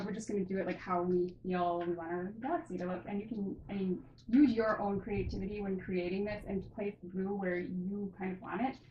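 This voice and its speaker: Rambling woman in a roomy recording. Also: mid-range voice. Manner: rambling and self-mocking, with many fillers. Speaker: art tutor. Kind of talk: casual painting tutorial. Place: room at home. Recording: roomy, dull recording with background noise.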